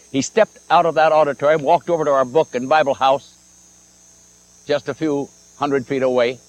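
A man's voice: fairly high pitch, poor audio. A man preaching a sermon, telling stories and acting out the dialogue of the people in them. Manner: animated storytelling, acts out quoted dialogue. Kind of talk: old-time sermon with told stories.

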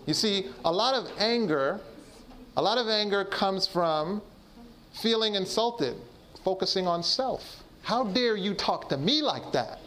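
A man preaches to a gathered audience, often asking a question and then answering it himself. His voice sits somewhat high for a man. A faint hiss runs underneath the recording. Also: a bit bright. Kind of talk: sermon on addiction recovery.

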